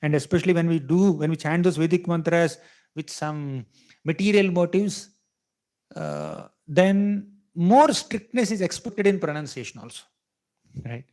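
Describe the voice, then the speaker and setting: Man teaching scripture, somewhat high voice. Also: lively intonation, measured pace, darkish tone. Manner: conversational teaching, asks "right?", chuckles often, half-sings verses. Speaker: temple speaker teaching scripture. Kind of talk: devotional scripture lecture to a live audience. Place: temple hall with audience.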